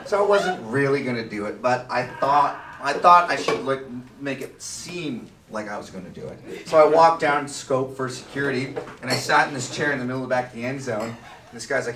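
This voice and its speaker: A man's voice: mid-range voice, brisk, roomy sound, distant mic, background noise. A Canadian man doing a crude, rowdy stand-up comedy set on a sports bar stage. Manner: crude, rowdy storytelling with lots of swearing.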